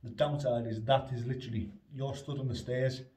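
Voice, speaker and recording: A man talks through his dog training in a loose, rambling way, full of fillers. His voice sounds mellow and a bit dark. It is recorded on a phone set down away from him in a roomy hallway, with a faint hiss behind. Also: mid-range voice, fairly even intonation, a little fast, distant mic. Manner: plain, rambling, lots of fillers, short firm commands to the dog. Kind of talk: casual training demonstration. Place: indoors in a house hallway. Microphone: phone on the stairs, away from him.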